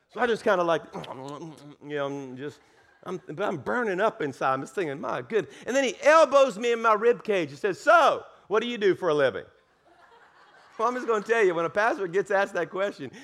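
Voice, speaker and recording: A Southern man preaching from the pulpit, spinning a story with a lot of self-mocking humor. His voice sits fairly high and swings up and down as he acts out every beat. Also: fairly bright tone. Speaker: pastor. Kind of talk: sermon storytelling.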